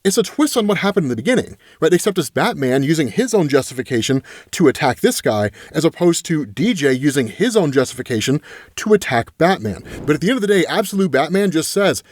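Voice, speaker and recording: A man giving a casual, animated comic book recap as a regular host, full of loose fillers. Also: on the high side, a little fast, no room sound.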